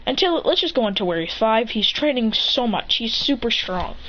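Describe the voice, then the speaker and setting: A woman telling an improvised fan story in a rambling, excitable way, full of restarts and mouth sound effects. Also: a little high, normal speed. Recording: dull lo-fi with faint hiss.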